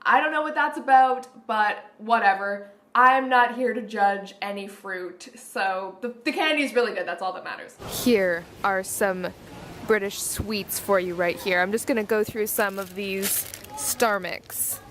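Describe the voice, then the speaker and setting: Gushing woman vlogging, bright voice. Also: mid-range voice, a little slow, slight background noise. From Canada. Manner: chatty, gushing, lots of "like". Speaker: beauty vlogger. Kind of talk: casual vlog chat. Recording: roomy echoey room.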